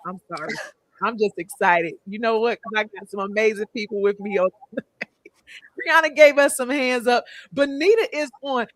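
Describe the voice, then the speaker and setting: A woman's voice: a little high, fairly quick, fairly bright tone, no echo. A woman hosting a casual livestream podcast, reading viewer comments aloud and laughing often. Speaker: podcast host.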